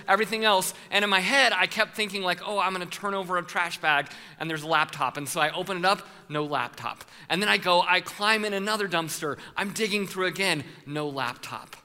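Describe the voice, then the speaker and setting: A man preaching a sermon, telling a story with animated voices for the people in it and calling out to the congregation. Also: sits high, big-room sound. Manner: playful with the congregation, calls for responses. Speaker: pastor.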